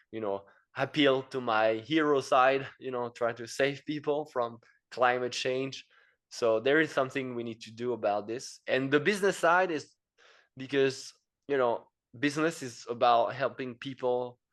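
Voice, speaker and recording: French guy on a podcast, english with a french accent, lots of "you know" and restarts, middle pitch. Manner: rambling, many fillers and repeated words. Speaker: podcast guest, engineer and entrepreneur. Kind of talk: casual interview chat.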